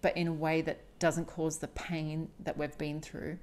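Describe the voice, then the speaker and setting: Low-voiced woman podcaster, emphatic and candid. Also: flat delivery, unhurried, a little mellow. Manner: emphatic, frequent swearing; candid, confessional. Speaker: podcast host. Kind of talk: solo podcast monologue.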